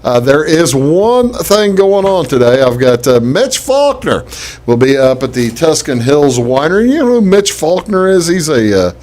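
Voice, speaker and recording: A man's voice: on the high side, animated, moderate pace, few pauses, a little mellow. A man hosting a casual local talk show, chatty and rambling, with many fillers and restarts.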